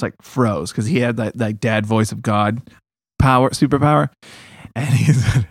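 A man's voice: medium pitch, steady tone, a little fast, darkish tone, no echo, clean studio sound. A man telling childhood stories in casual chat, often laughing as he talks. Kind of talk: casual storytelling.

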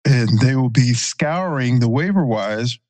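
A man's voice: mid-range voice, measured pace. A man in his forties, a former pro football player, casually telling a story as a podcast guest with plenty of fillers and self-corrections. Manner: relaxed anecdotal retelling with fillers and self-corrections.

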